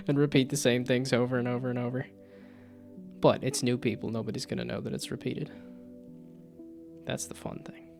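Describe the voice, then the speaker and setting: Gravelly man thinking aloud while coding. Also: medium pitch. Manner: thinks aloud, muttering to himself, playful asides. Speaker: VTuber game developer streaming. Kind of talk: casual live-stream chat while coding. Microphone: desk microphone with loud keyboard clicks. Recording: music playing under a live stream. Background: guitar music.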